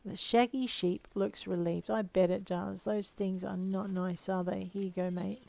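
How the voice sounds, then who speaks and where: A woman's voice: mid-range voice, level tone, moderate pace, gravelly, darkish tone. A woman chatting playfully through her video game, talking to the creatures she meets. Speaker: game player. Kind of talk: let's play commentary.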